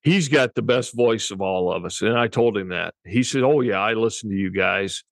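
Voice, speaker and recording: Low-voiced male podcast co-host, casual and chatty; tells stories at length, laughs easily; dry close-miked sound. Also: moderate pace, vocal fry, no echo. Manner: rambling storyteller, chuckles often. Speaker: podcast co-host and cattle breeder. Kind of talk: casual chat.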